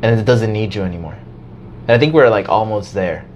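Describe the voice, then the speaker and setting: A man in casual podcast chat, talking in an animated way, swearing and laughing as he tells a story. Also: on the low side, brisk, slight background noise.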